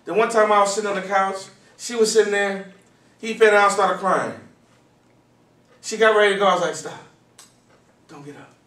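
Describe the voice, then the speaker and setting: A man giving a live motivational talk to students, telling stories in an animated way, acting out voices and sometimes shouting. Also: high voice, a little fast, pauses often. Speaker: motivational speaker. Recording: echoey hall from far off, faint noise.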